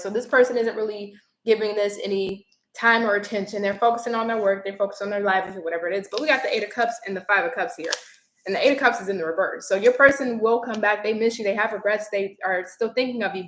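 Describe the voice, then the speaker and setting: A woman's voice: mid-range voice, quick pace, fairly bright tone. A woman giving a casual, chatty tarot reading on a livestream, talking bluntly and laughing easily. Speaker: tarot reader. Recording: echoey room with faint noise.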